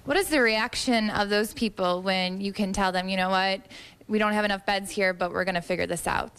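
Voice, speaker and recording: A woman TV reporter live on location, explaining the story and interviewing a guest in a clear, even voice. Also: medium pitch, a little fast. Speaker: field reporter. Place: outdoors at a downtown shelter.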